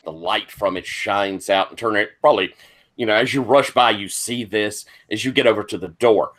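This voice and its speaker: Bright-voiced man running a tabletop game. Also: on the low side, moderate pace. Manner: descriptive, improvising with many fillers. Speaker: game master.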